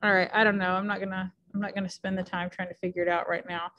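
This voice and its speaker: A woman's voice: medium pitch, level tone, quick pace, a bit bright, lo-fi sound. A woman teacher giving a casual recorded lecture, chatty and thinking aloud with many fillers.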